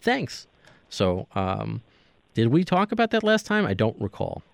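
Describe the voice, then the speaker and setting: A man's voice: mid-range voice, huge pitch swings, a little slow, vocal fry, no room sound, studio quality. A man hosting a casual podcast interview, asking long, rambling questions with many restarts. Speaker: podcast host.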